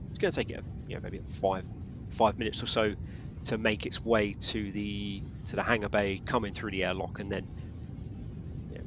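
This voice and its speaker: A man's voice: lowish voice, background noise. A man running a tabletop role-playing game as game master, narrating in a rambling, casual way. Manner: rambling, casual, full of fillers.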